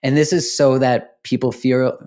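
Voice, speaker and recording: A man's voice: medium pitch, level tone, moderate pace, a little mellow. A man hosting a podcast, talking in a reflective, explanatory way in casual conversation. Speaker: podcast host.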